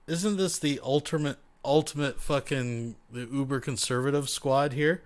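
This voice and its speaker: Man hosting a reaction show, blunt, swears a lot, talks to viewers as folks, mid-pitched voice. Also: moderate pace, few pauses. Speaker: commentary show host. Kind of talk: reaction commentary.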